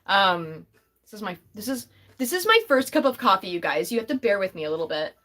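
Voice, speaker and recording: A woman's voice: medium pitch, sing-song, brisk, bright, forceful tone. A young adult woman chatting casually on her livestream, laughing often and answering chat comments as they pop up. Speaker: livestream host.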